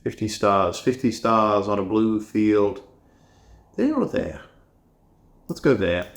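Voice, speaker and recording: A man's voice: lowish voice, big pitch swings, slow, creaky. Man, casual think-aloud commentary, self-mocking, muttering, roomy echo, poor mic. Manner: self-mocking, muttering to himself, laughing at his mistakes. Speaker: design video creator. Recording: echoey room with a poor mic.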